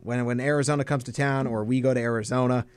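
A man's voice: medium pitch, steady tone, fast talker, smooth, no echo. A young man hosting a college sports radio show in a studio, confident and teasing his co-host. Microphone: studio microphone with headphones.

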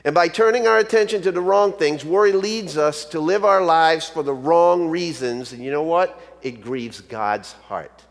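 A man's voice: fairly high pitch, normal speed, few pauses. Man preaching in an echoing hall. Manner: storytelling, conversational preaching. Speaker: pastor. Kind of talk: sermon. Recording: long hall reverb.

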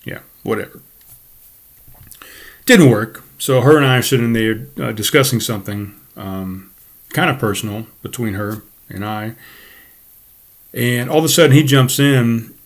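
A man's voice: mid-range voice, moderate pace. Profane, rambling male podcast storyteller. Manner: profane, rambling, with frequent self-corrections. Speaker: podcast host and bartender. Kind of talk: casual storytelling monologue.

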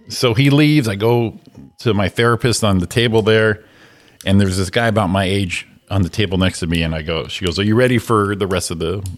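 A man co-hosting a morning show, ranting with a grumpy, profane manner and stammered restarts. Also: on the low side. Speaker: co-host. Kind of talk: casual chat. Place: radio studio.

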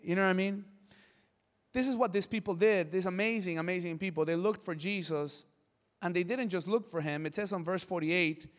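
A man preaching with passion in a high voice, repeating key words and telling stories along the way. His voice carries in a hall with a long, ringing reverb. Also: brisk. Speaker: pastor. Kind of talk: sermon.

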